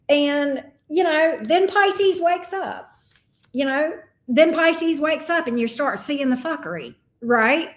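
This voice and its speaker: A woman's voice: high-pitched, lively intonation, takes it slowly. A middle-aged woman giving a casual tarot reading, blunt and profane, full of folksy sayings. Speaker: tarot reader. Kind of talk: casual astrology reading chat.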